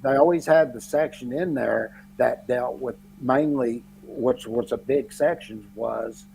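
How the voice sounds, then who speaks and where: A middle-aged man from Texas, co-hosting a casual sports chat and telling animated stories about football drafts. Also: mid-range voice, unhurried, faint music behind, rough recording. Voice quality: gravelly, husky. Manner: animated storyteller, quotes others in lively bursts. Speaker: podcast co-host.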